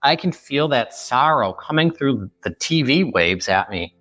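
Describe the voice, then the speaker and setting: A man's voice: mid-range voice, animated, measured pace, pushed and bright, no room sound, faint music behind. A man in his fifties from the Chicago area, a book author sharing an emotional personal story as a podcast guest and acting out remembered dialogue. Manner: vivid retelling that acts out remembered dialogue.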